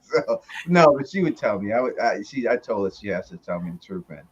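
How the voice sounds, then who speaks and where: A man hosting a casual video chat, animated and joking, laughing often. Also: lowish voice, brisk, lo-fi sound. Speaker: host.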